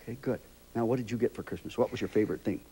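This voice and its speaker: An older man hosting a children's TV show, gently interviewing young kids in a chatty, rambling, fatherly way. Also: mid-range voice, racing, breathy edge.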